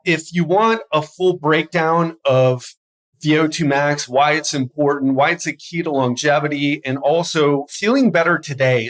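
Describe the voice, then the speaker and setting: A man's voice: fairly high pitch, a bit bright. A man hosting a health podcast as a coach, talking energetically and stumbling over his words now and then. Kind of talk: solo podcast monologue.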